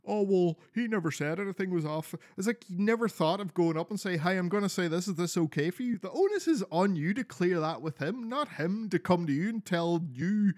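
Scottish guy chatting on a podcast, sweary and animated, slightly high voice, no room sound. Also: a little fast, few pauses, no room sound, clean studio sound. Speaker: podcast co-host. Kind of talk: casual chat.

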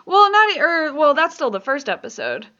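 A woman's voice: sits high, big pitch swings, moderate pace, bright, forceful tone, dull audio. A woman co-hosting a casual podcast chat, talking freely with frequent laughs and fillers. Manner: chatty, laughs often, many fillers. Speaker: podcast co-host.

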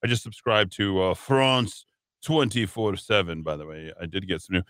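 Talk radio host, male: punchy bright tone, dry studio mic, rambling headline rundown. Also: low-pitched, moderate pace, dry recording. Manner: rambling, reads headlines then riffs with filler words. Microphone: studio microphone.

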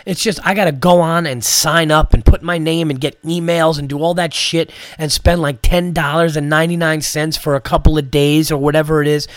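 A New man talks into a close, dry mic, his voice hoarse and a bit sick. He rambles through stories with plenty of swearing. When he gets worked up, his pitch climbs into a ranting, comic tone. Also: steady tone, brisk, hardly any pauses, no room sound. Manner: profane, storytelling, rants with rising pitch. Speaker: comedian podcast host. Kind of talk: casual chat.

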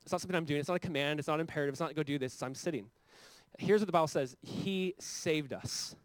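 A male pastor preaches in a rapid, conversational way, with a fairly high voice that climbs and grows loud when he stresses a point. The sound is close and dry, with little room echo. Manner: conversational preaching, rising to fervent emphasis. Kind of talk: sermon.

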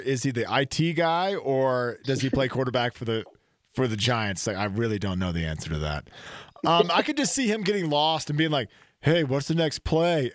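Guy cohosting a sports podcast, lively and jokey, dry close sound. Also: mid-range voice, no echo. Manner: animated, does jokey voices in stories. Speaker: podcast co-host. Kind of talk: casual sports chat.

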